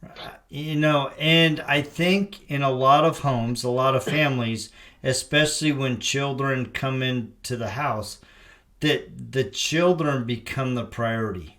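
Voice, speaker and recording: A man's voice: medium pitch, a little slow, a bit bright. A middle-aged man hosting a podcast, speaking in a reflective way with preacher-like emphasis. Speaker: podcast host. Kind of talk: casual conversation.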